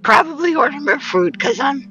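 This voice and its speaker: A woman from Boston playing a tabletop game, calmly describing her character's actions. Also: high voice, normal speed, muffled recording, a little hiss or hum. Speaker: player.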